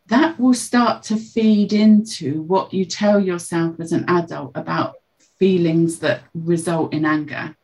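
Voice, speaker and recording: A woman, a podcast guest calmly explaining feelings and acting out example phrases. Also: mid-range voice, slow pace, rough recording. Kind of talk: reflective podcast conversation.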